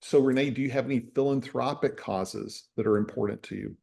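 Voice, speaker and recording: A man hosting an interview over a video call, speaking in a relaxed, conversational way. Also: medium pitch, brisk, vocal fry. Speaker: host, interviewer. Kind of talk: casual interview.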